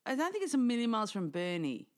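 A woman hosting a podcast, chatting casually with quick asides and easy laughs. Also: fairly high pitch, huge pitch swings. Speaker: podcast host.

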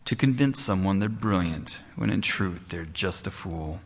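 A man's voice: sits low, animated, measured pace, in a large hall, heavily acted. A man voicing a sly male fox in a rhyming storybook, cool and taunting in manner. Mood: smug, mocking. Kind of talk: storybook character voice.

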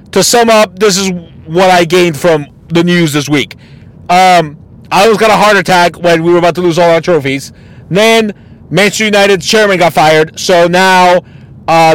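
Male podcast host, slightly high voice, profane, exasperated, casual rant. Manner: profane, blunt and ranting; mocking and exasperated.

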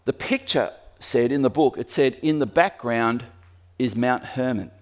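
A man preaching a sermon in a lively storytelling manner, speaking to the room as he points at a map. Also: medium pitch, unhurried. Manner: lively storytelling, acts out quoted voices.

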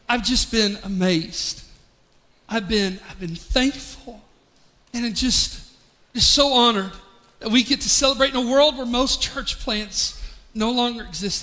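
Pastor in his 40s, high bright voice, choked up and heartfelt, big echoey church hall. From East Tennessee, US. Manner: emotional, heartfelt, with frequent restarts. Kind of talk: sermon.

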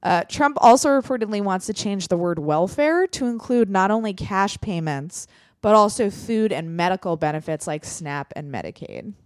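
A woman's voice: medium pitch, expressive, moderate pace, dry recording, studio quality. A woman hosting a podcast, reading out news items and explaining them wryly to her co-hosts in casual chat. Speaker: podcast host.

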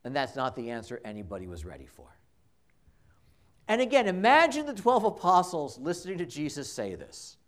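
A man's voice: on the high side, huge pitch swings, moderate pace. A man preaching a homily in a church, telling the story conversationally and dramatically, with emphatic repetition. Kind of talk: sermon. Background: congregation.

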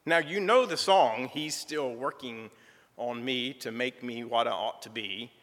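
A middle-aged man, telling a folksy church testimony with gentle humor. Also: mid-range voice, unhurried. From southern United States. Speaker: church member giving a testimony. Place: church sanctuary. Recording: reverberant church sanctuary.

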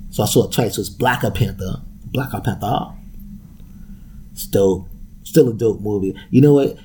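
A man's voice: on the low side, mellow, a little hiss or hum. A man hosting a solo podcast, talking in a loose, profane, rambling way and laughing often. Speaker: podcast host. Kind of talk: casual solo podcast rant.

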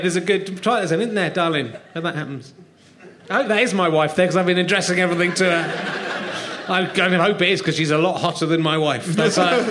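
A man's voice: fairly high pitch, noisy background. A middle-aged man hosting a comedy podcast, chatting casually with a rambling, joking, self-mocking manner. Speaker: podcast host. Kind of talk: casual comedic chat on stage.

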